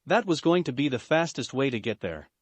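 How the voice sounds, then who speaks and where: Male storyteller, steady delivery, dry booth sound. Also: medium pitch, a little fast, no room sound. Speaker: fan fiction narrator. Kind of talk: scripted narration.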